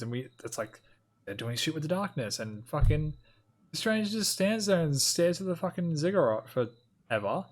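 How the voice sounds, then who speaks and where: A man's voice: fairly high pitch, expressive, moderate pace. A man co-hosting a casual gaming podcast, grumbling and swearing freely about a game. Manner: grumbling complaints, frequent swearing. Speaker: podcast co-host.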